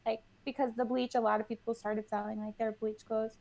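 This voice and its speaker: A woman's voice: a little high, flat delivery, brisk, vocal fry, a little mellow. A woman guest in casual interview chat, bubbly and full of "like", acting out what she and others said. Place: New York.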